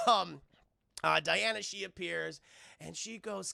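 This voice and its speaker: Male streamer, casual spoiler review, high and animated, dry close mic. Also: slow, gravelly, long pauses, no room sound. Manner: animated, profane, laughs often, acts out characters.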